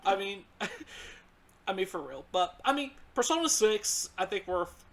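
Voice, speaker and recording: High, bright Southern US man hosting. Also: big pitch swings, unhurried. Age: 20s. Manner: loose, swears freely, laughs often. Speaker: podcast host. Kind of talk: casual podcast chat.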